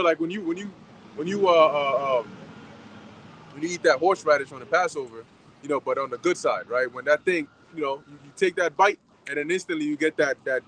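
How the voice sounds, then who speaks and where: A man at a church gathering adding his thoughts, halting and full of fillers and restarts. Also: a little high, a bit bright, a little hiss or hum, low-quality recording. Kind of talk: informal sermon remarks.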